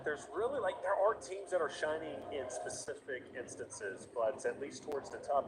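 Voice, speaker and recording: A man casting live esports, giving quick and energetic match analysis. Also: mid-range voice, heavy background noise. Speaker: esports caster.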